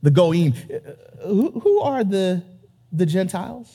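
Man, pastor, sermon in church, high voice, husky tone, emphatic, calls to the congregation. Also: big pitch swings, slow pace, mellow.

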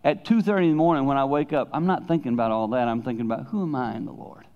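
A middle-aged male pastor preaches a sermon in a loose, conversational style, speaking rapid-fire in a middle register. He often drops into hushed tones for emphasis, and the recording sounds dull and lo-fi.

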